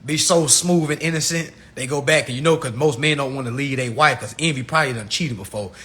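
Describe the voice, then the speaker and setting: A man on a casual livestream rant, slangy and animated, swinging from low mutters to shouts and laughing at his own jokes. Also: fairly quick. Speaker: livestream host.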